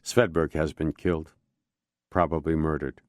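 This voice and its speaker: A male narrator voicing a weary, restrained police inspector in his own deep voice. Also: fairly even intonation, normal speed, darkish tone, no room sound, clean studio sound. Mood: tense. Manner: restrained, tense.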